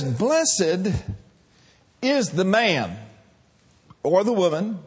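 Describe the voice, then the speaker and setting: A middle-aged male pastor preaching a sermon in a church, animated and laughing as he calls out to the congregation. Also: high voice, slightly rough.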